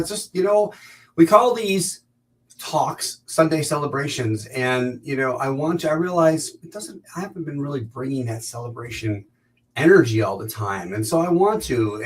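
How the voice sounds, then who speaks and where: Male minister, conversational sermon, fillers and restarts, mid-pitched voice, sits a little back from the mic. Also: far from the mic, poor audio. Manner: reflective, conversational with frequent fillers.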